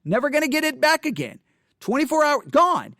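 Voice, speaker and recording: High-pitched guy venting about his ruined day, dry close mic, keeps repeating himself. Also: big pitch swings, fairly quick, bright, forceful tone, no room sound. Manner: frustrated, ranting, repeats himself. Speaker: Bible teacher. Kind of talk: unscripted video monologue.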